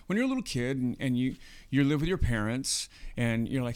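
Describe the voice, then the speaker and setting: Man, podcast co-host, casual faith talk, earnest explainer, mid pitch. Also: sing-song, fairly quick, a little mellow, clean tone. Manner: earnest, explaining with frequent "right?".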